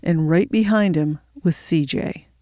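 In a clean, dry studio recording, a narrator tells a thriller audiobook in an even, medium-pitched voice. He slows down to heighten the suspense.

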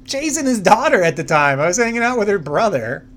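A young married man co-hosting a podcast, telling stories in lively casual chat. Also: high voice, brisk. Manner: storytelling, animated retelling. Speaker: podcast co-host.

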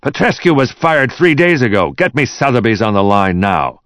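A man's voice: fairly low pitch, animated, fairly quick, dry recording, studio quality, pitched above the performer's own voice, natural voice. A man voicing a curt, domineering male executive who barks impatient demands. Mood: barking. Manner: barking, impatient.

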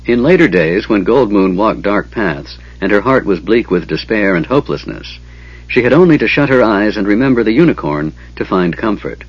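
Male audiobook narrator, expressive fantasy reading; husky tone, dull dry recording. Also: lowish voice, no echo. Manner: expressive, measured storytelling.

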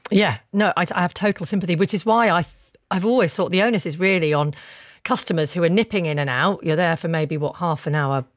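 A woman hosts live breakfast radio in a brisk, chatty way, reading listener texts aloud. Her voice sits low for a woman. The studio sound is dry and close. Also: no room sound. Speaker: radio breakfast show host.

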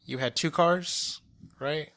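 A man's voice: on the high side, takes it slowly, pushed and bright. A man interviewing his older brother in a casual chat, curious and prompting, with frequent hesitant fillers.

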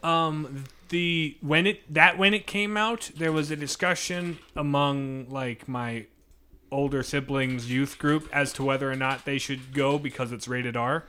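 A young man chats easily as a podcast co-host, tossing out quick quips. His voice is bright and a little sharp, sitting in a middle pitch. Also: smooth. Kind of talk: casual chat.

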